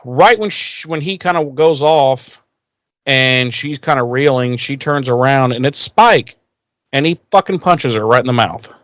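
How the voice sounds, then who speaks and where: A man co-hosting a podcast, recapping a TV episode in casual chat, animated and profane. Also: mid-range voice, unhurried, dry recording. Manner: profane, animated retelling with acted quotes. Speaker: podcast co-host.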